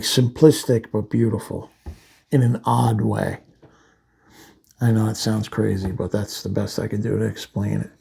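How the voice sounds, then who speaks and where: A man's voice: lowish voice, creaky, mellow, breathy edge. A man reviewing a comic book in a loose, rambling way, full of fillers and restarts. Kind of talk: casual comic walkthrough.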